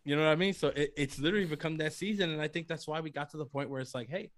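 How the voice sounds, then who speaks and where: A man in a casual sports podcast conversation, his voice sitting a little high. He talks in an animated way, swears freely and laughs easily. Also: rapid-fire. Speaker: podcast co-host.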